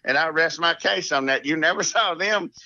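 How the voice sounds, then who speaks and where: A middle-aged man from Alabama with a Southern accent, telling rambling, animated stories as a podcast guest. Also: on the high side, normal speed, no echo, muffled recording. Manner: rambling, animated, drawling with frequent laughs and restarts. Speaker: guest, former mini-tour golfer. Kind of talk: casual storytelling.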